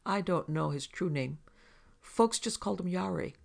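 A rustic mountain man cooking over a campfire, voiced by a man reading a story. He talks in plain, matter-of-fact backwoods dialect. His voice has a strong gravelly grain. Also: high voice, unhurried, full character voice. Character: rustic mountain man, camp cook, superstitious.

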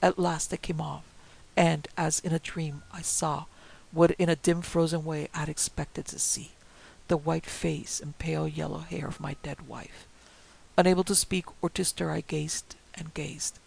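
Gravelly, husky man narrating a ghost story. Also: on the high side, flat delivery, unhurried, poor audio. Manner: hushed, dropping often into whispers. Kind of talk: dramatic ghost story reading.

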